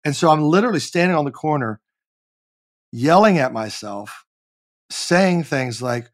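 Animated, profane storyteller, a man. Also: on the high side, unhurried, pauses often. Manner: animated, profane, barks when reenacting. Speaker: guest, actor and comedian. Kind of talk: casual storytelling interview.

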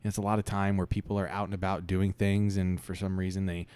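Deep voiced guy rambling thru a made-up story on a podcast, dry close mic. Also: flat delivery, darkish tone, clear, resonant tone, no echo. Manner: halting, rambling, full of restarts. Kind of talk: casual improvised storytelling chat.

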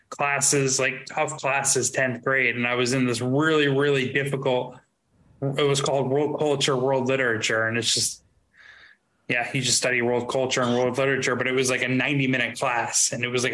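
A man of middle pitch co-hosting a podcast, rambling casually with plenty of "like" and "um." His voice has a bright, forward edge. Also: poor audio. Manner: relaxed, rambling, full of fillers. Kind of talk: casual chat.

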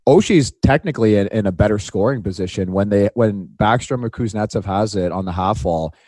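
A man co-hosting a podcast about hockey, who played the game himself and tells stories with animated impressions. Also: lowish voice, a little fast, no room sound. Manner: animated storyteller, drops into impressions. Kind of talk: casual hockey chat.

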